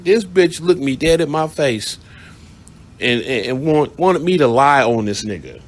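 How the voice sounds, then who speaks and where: A man's voice: mid-range voice, very animated, measured pace. A man hosting a radio show, telling a story in a casual, blunt, profane monologue and laughing along the way.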